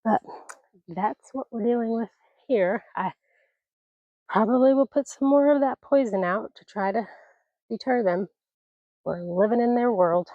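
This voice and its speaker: A woman's voice: fairly high pitch, unhurried, pauses often, no echo, narrow, tinny audio. A retired woman in her sixties talks into her phone outdoors, chatty and folksy, wandering from one aside to the next. Her voice sounds a little scratchy from allergies, and the sound is dry and close with hardly any room in it. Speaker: vlogger. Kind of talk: casual vlog chat. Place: outdoors on a mountain homestead porch and garden. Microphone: phone camera.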